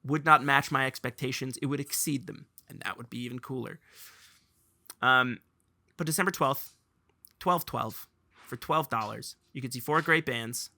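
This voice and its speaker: A young man hosting a casual podcast chat, telling stories with lively, laughing energy. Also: medium pitch, moderate pace, vocal fry, dry recording. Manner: animated storyteller, laughs while telling. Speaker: podcast host.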